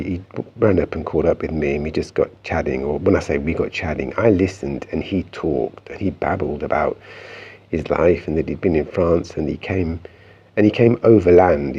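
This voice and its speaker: Deep husky man telling a story. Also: warm tone, highs cut off. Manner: meandering, conversational, frequent restarts. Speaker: vlogger. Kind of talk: reflective personal storytelling.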